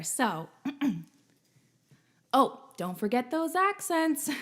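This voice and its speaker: Bubbly high-voiced woman hosting a stream. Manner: over-bright satirical salesy delivery, laughing asides. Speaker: variety show host. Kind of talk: mock sponsored ad and livestream banter.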